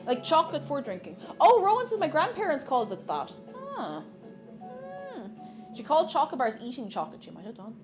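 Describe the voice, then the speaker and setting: A high-voiced Irish woman, very animated and fast-talking, bakes in her home kitchen on stream over music. She chats casually with viewers, playfully teasing them and joking with chat.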